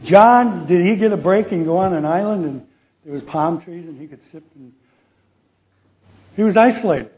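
A man's voice: high voice, normal speed, long pauses. A man preaching a sermon, joking and quizzing the congregation with questions. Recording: tinny phone-like recording.

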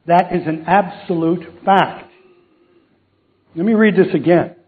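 A man's voice: sits high, unhurried. A man preaching a sermon, joking and quizzing the congregation with questions. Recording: tinny phone-like recording.

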